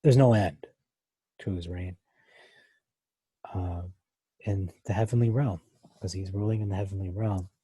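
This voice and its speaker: Dark husky man studying scripture. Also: low-pitched, steady tone, normal speed, pauses often, no room sound. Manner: thinking aloud, many fillers and restarts. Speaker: bible teacher. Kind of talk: verse-by-verse bible study.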